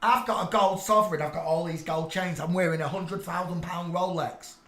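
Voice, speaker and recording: An English man ranting on a live stream, preachy and irate, swearing and bursting into shouts at his chat. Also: sits high, steady tone, normal speed, echoey room.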